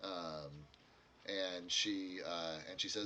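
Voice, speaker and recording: A man's voice: low-pitched, moderate pace, bright, forceful tone. A man narrating as game master in a tabletop game, in a loose, rambling way, searching for words as he goes.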